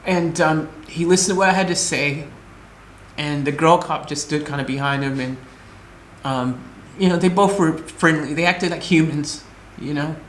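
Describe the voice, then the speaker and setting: An emotionally shaken American vlogger rambles through an upsetting story, restarting often and acting out other people's lines in quoted voices. The voice is mid-range at a normal speed. The room sounds spacious, with slight background noise.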